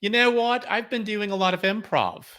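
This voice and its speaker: Male podcast host, high-ish bright voice, lively hype delivery. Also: normal speed, a little hiss or hum. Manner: energetic and playful, leaning on hype. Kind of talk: upbeat podcast banter and sponsor reads.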